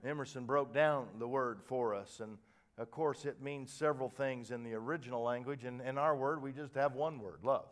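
A man's voice: mid-range voice, moderate pace. Emphatic older male preacher. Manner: animated storytelling, swinging from quiet asides to loud emphatic lines; repeats and restarts words when fired up. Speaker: pastor. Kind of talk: sermon.

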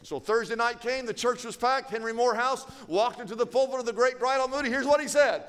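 A man's voice: very high voice, fast, hardly any pauses, a bit bright, smooth. A man preaching a sermon, telling a story with emphatic, building repetition and sounding out of breath.

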